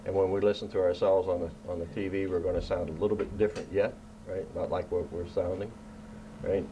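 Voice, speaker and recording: A man's voice: low voice, steady tone, a little fast, noisy background. A man hosting a science show, explaining things to children in a casual, playful way and checking in with "right?" again and again. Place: indoor room.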